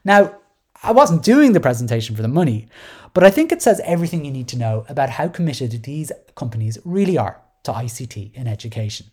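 A woman's voice: very deep voice, very animated, brisk, darkish tone, breathy edge. A middle-aged woman hosting a podcast, talking in a sardonic, digressive way with many restarts. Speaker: podcast host. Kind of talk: casual solo commentary.

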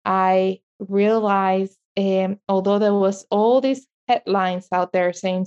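A middle-aged woman with a strong Mexican accent talks about her work with lively passion, laughing easily as she goes. Her voice sits in the middle range for a woman and comes through a dull, slightly lo-fi line. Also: medium pitch, takes it slowly, few pauses, clean tone. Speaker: guest, media entrepreneur. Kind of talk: interview conversation.

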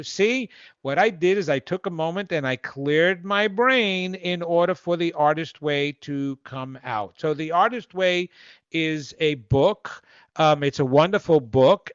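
A man's voice: fairly high pitch, fairly bright tone, no room sound, dull audio. A male host giving a casual self-help talk, rambling and correcting himself in a playful way.

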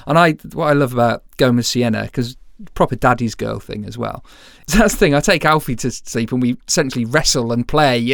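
A man's voice: medium pitch, brisk, gravelly, hardly any pauses, fairly bright tone, dry recording, studio quality. A man co-hosting a casual podcast chat as a father of two, jokey and teasing.

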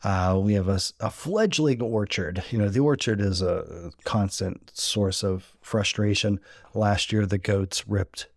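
A man's voice: on the low side, measured pace, no echo, studio quality. Rambling, joking male podcast host. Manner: rambling, joking, self-deprecating. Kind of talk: casual chat. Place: rural homestead.

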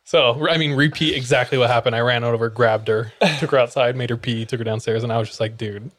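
A man's voice: mid-range voice, steady tone, quick pace, fairly bright tone. A young man, a podcast host, telling a funny personal story in casual chat, laughing often and swearing freely.

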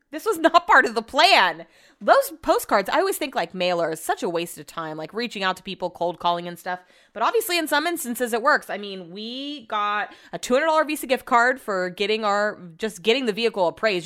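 Young woman, smooth and fairly high voice, ranting exasperated in a casual vlog. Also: sharp tone. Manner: exasperated, ranting, swears freely. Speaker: vlogger.

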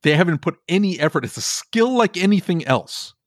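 A man's voice: high-pitched, very animated, brisk, no room sound, studio quality. A man co-hosting a podcast, talking in an exasperated, heated way and swearing casually. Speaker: podcast co-host. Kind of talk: animated ranting podcast conversation.

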